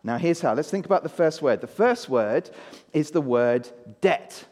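Animated man preaching in a reverberant church. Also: fairly high pitch, moderate pace. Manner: interactive, asks the congregation to repeat words. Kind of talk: children's talk in a church service.

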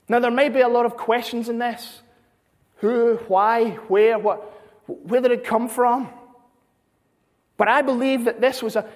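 A man's voice: high voice, darkish tone. A man preaching a sermon, earnest, repeating phrases for emphasis. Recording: long hall reverb.

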